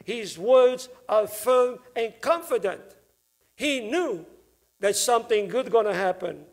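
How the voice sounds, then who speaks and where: Slow, high-voiced male priest preaching. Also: animated, vocal fry. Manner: slow, emphatic preaching with stressed words. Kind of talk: Good Friday homily. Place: church.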